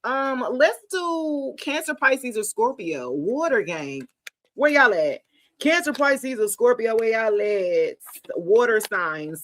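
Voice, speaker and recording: A middle-aged woman from the United States, reading tarot for viewers on a casual livestream, playful and chatty with frequent laughter. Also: mid-range voice.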